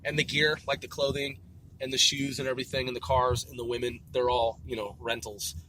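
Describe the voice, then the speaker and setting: A man's voice: medium pitch, level tone, a little fast, sharp tone, a little hiss or hum. A man hosting a solo podcast, rambling loosely with lots of swearing, fillers and repeated words. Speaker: podcast host.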